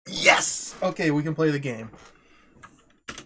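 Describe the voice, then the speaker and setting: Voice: medium pitch, measured pace, background noise. Wry streamer reading game text aloud. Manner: chuckles often. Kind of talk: casual let's-play commentary.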